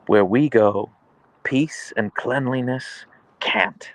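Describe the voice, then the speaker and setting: A man's voice: mid-range voice, slow pace, no echo, pitched above the performer's own voice, lightly acted, rough recording. A man voicing a pair of restless, demanding huskies who refuse to sleep, speaking in a grand, ominous way.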